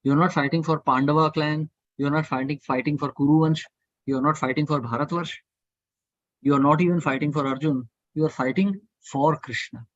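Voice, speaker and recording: A man's voice: on the high side, steady tone, moderate pace, no echo, muffled recording. A man leading a devotional scripture study class, urging listeners earnestly and repetitively to think and debate. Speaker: study group speaker.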